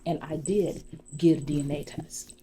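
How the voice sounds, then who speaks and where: A woman voicing a wronged young man who confronts people bluntly in a gossip role-play, with steady hiss behind. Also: low-pitched, normal speed, lightly acted. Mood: indignant.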